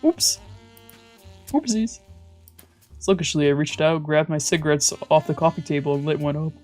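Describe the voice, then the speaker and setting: A VTuber narrating a visual novel aloud in an animated, reactive way. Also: mid-range voice, fast, soft background music. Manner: animated, reacting with loud outbursts then narrating. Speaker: streamer, VTuber.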